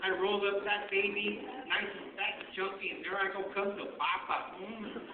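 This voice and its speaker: Man storyteller, high pitched, animated, heard from far off in an echoey hall. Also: moderate pace, crowd noise. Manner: animated, mixing in Spanish slang. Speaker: guest speaker telling stories. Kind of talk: humorous personal storytelling. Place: school hall. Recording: far-off, echoey, tinny with noise.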